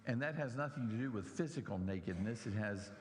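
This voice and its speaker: A man's voice: lowish voice, animated, brisk, in a large hall. A middle-aged man preaching a sermon in a church, animatedly mocking the scoffers in his story.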